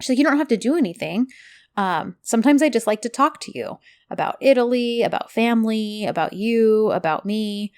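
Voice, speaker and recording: A woman's voice: fairly high pitch, lively intonation, brisk, a little mellow. A woman co-hosting a casual chat, animatedly retelling scenes and acting out the characters' lines. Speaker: podcast co-host recapping a TV drama.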